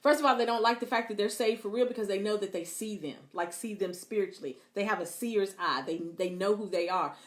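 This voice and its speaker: A woman Christian counselor giving a lively, preacher-like teaching talk, acting out abusers' taunts and calling listeners "beloved". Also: mid-range voice, a little fast, few pauses.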